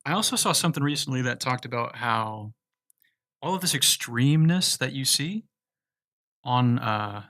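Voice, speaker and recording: A man's voice: medium pitch, animated, normal speed, bright, forceful tone, no room sound. Laid-back man answering chat, dry sound. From United States. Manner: laid-back, reads viewer questions aloud and answers loosely. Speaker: livestream host answering chat. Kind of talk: casual livestream chat.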